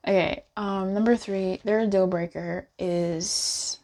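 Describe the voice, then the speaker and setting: A woman's voice: medium pitch, steady tone, slow pace, mellow. A woman giving a casual pick-a-card tarot reading in a playful, chatty way, joking aloud with spirit as she goes.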